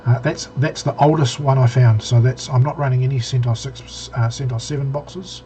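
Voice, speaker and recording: A man's voice: mid-range voice, steady tone, moderate pace, warm tone. A man co-hosting a casual tech podcast, rambling with many restarts and fillers. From New Zealand. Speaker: podcast co-host.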